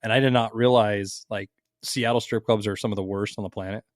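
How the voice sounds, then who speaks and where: Man from Las Vegas telling animated stories. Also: fairly low pitch, fairly quick, no echo, studio quality. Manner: animated storytelling, swears freely, acts out quotes. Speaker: podcast co-host. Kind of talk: casual chat.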